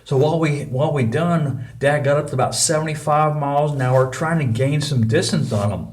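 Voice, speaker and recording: A man's voice: on the high side, brisk, darkish tone. A middle-aged man telling a personal story in a folksy, rambling way. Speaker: vlogger.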